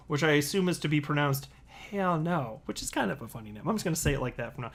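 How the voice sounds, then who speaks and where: A man's voice: fairly high pitch, quick pace, few pauses. A man hosting a casual crypto commentary video, reading tweets and headlines with sarcastic asides. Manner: sarcastic, animated, lots of asides.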